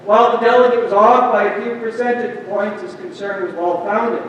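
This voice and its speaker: A man reading a prepared speech at a town hall meeting with a formal, measured delivery. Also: high voice, steady tone, muffled recording, a little hiss or hum. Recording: echoey hall, distant mic.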